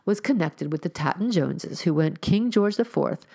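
A woman reading the lines of a dull, genteel lady in a storybook, speaking in a placid monotone and boasting of her family. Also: fairly low pitch, normal speed, gravelly. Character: dull, self-important genteel lady who crochets.

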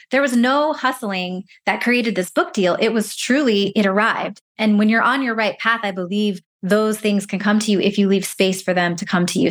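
A woman's voice: mid-range voice, fairly bright tone. A woman speaking as a career break coach in an interview, giving encouraging advice and acting out little inner voices.

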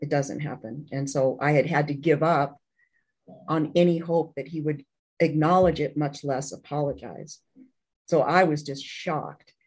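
A woman's voice: deep voice, steady tone, measured pace, darkish tone, breathy edge, low-quality recording. A woman telling a painful personal story in an interview, candid and earnest, often restarting her sentences. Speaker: interview guest.

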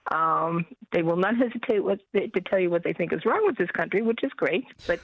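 A woman's voice: on the low side, animated, brisk, creaky, no room sound. A middle-aged American woman calling in to a radio show, chatty and often restarting her sentences. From United States. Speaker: caller. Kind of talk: casual call-in chat. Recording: muffled phone-in line.

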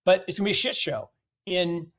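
As a guest commentator, a man with a somewhat high voice gives forceful, opinionated takes on the markets. He's animated and fairly quick, pushing his points through strings of rhetorical questions and blunt declarations.

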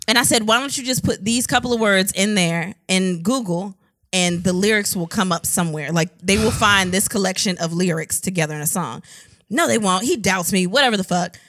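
A woman's voice: medium pitch, brisk, a bit bright, no echo. A woman co-hosting a casual chat, telling a story with lots of profanity and acted-out quotes. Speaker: podcast co-host.

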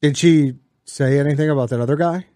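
A man's voice: on the high side, fairly quick, warm tone, no echo, clean studio sound. A man co-hosting a podcast in casual chat, easygoing, with brief replies and joking asides. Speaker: podcast co-host.

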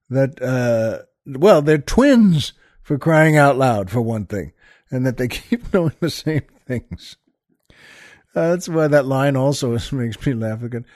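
Podcast host guy, kinda high voice, rambles w lots of uhs, super dry sound. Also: a little mellow, no echo. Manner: rambling, with frequent fillers and restarts. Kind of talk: casual monologue.

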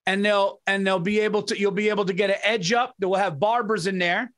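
High-voiced excitable man rambling in chat. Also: fairly quick. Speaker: podcast co-host. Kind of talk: casual chat.

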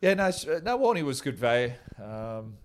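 A man's voice: medium pitch, big pitch swings, normal speed, smooth. A man, telling casual stories about a former teammate in an interview, chatty and laid-back. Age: 40s.

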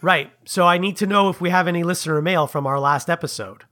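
A man co-hosting a podcast who talks through a story in a measured, patient way. His voice sits a little high and sounds bright and forceful. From Canada. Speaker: podcast co-host. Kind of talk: casual chat.

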